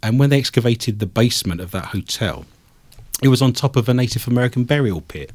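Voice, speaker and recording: A man's voice: mid-range voice, lively intonation, fast, darkish tone, no room sound. Guy on the radio, dry jokey rambling stories, super dry close sound. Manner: dry, joking, rambling anecdotes. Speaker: radio show host. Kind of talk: casual radio banter. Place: radio studio.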